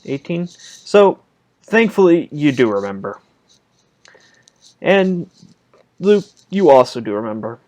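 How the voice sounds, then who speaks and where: A man running a tabletop game as game master, narrating in a casual, halting way. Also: on the high side, big pitch swings, a little mellow.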